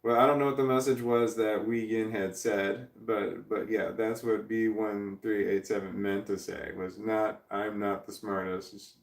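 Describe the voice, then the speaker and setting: A man's voice: fairly low pitch, little pitch movement, unhurried, hardly any pauses. Rambling man in his forties, roomy distant sound. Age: 40s. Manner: rambling, swears freely, chuckles often. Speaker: livestreamer reading chat. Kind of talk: casual livestream chat.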